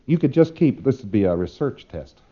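A man's voice: mid-range voice, big pitch swings, a little fast, breathy edge, dull audio. A man giving a demonstrative lecture, acting out exchanges with playful repetition.

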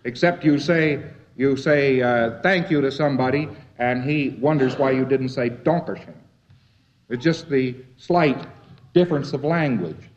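A man's voice: medium pitch, measured pace, darkish tone. Man lecturing on dull lo-fi tape. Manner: anecdotal, chuckling, acts out quoted people. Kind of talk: informal lecture. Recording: dull lo-fi old tape recording.

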